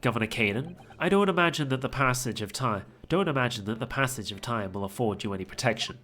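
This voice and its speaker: A man voicing a stern, aristocratic male prosecutor in a low, clipped, voice. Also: lively intonation, quick pace, bright, forceful tone. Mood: menacing.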